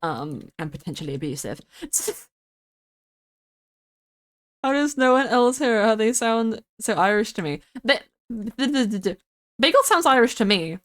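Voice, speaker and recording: Giggly rambling young British woman. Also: medium pitch. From United Kingdom. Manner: rambling, giggly, swears casually. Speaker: streamer. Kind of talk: casual chat while building in a game.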